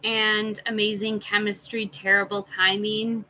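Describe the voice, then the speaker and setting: Slow-talking bright-voiced woman reading tarot. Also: medium pitch, flat delivery, slight background noise, poor audio. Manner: unhurried, listing card meanings and greeting chat viewers. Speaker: tarot reader hosting a live stream. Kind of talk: live stream tarot reading, casual chat with viewers.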